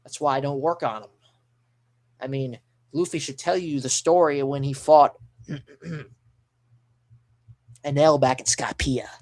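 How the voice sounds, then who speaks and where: An excitable man rambles through a live manga reaction, reading panels aloud and reacting as he scrolls. He swears mildly and corrects himself, in a mid-pitched voice. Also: measured pace, long pauses.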